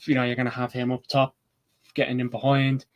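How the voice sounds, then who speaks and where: A man hosting a casual football preview, rambling and excitable, with casual swearing. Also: medium pitch, fairly quick. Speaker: football channel host. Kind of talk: casual match preview chat.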